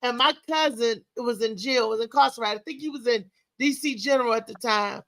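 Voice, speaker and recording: Animated, bright high-voiced woman storyteller. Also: brisk, no echo, rough recording. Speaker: talk show host. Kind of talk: candid storytelling chat.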